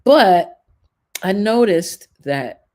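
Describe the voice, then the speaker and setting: Blunt animated woman telling stories. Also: medium pitch, extremely slow. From California. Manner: blunt, profane, animated storytelling with acted quotes. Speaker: show host. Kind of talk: casual opinion talk.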